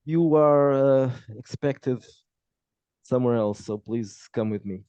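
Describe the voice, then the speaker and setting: A man's voice: medium pitch, slow pace, mellow, clean tone, no echo, close to an everyday voice. A man voicing a stern police officer who reads out orders in a curt, official way, on dull lo-fi audio. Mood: formal.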